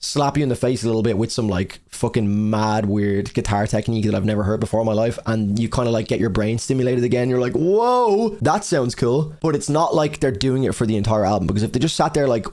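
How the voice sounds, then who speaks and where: A man's voice: fairly low pitch, fast talker, few pauses, darkish tone. A young man counting down his favorite albums in a casual, rambling way, full of fillers and swearing. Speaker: music reviewer.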